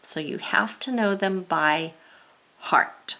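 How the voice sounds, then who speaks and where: A woman teacher leading a spelling lesson, sounding out letters and words step by step and gently talking the viewer through each task. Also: medium pitch, slow pace, vocal fry.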